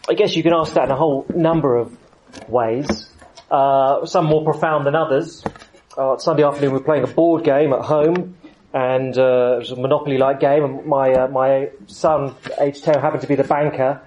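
A man's voice: mid-range voice, fairly even intonation, normal speed, a little mellow, slight background noise, poor audio. A middle-aged man from the United Kingdom preaching a sermon in a conversational, rambling way with many fillers.

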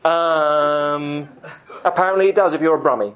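A middle-aged man preaching a sermon, emphatic, with dramatic pauses. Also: on the high side, muffled recording. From United Kingdom.

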